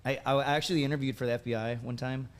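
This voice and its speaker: Thirties man, podcast guest, mid-range voice, lively and informal delivery. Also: medium pitch, rapid-fire, a little hiss or hum. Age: 30s. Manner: animated, says "dude" and "right?" often. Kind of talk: casual storytelling.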